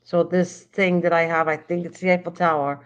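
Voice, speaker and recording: A woman's voice: fairly low pitch, little pitch movement, normal speed, clear, resonant tone. An older woman hosting a casual late-night chat, rambling and often restarting sentences while she searches for words. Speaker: livestream host. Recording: dull lo-fi stream audio.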